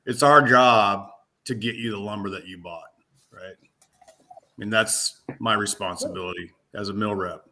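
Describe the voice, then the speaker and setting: A man who represents a lumber mill vents bluntly and angrily. His voice is bright and forceful, with a sharp edge on his words. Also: on the low side, fairly even intonation, a little slow, slight background noise. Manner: blunt and openly angry. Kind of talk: casual panel discussion.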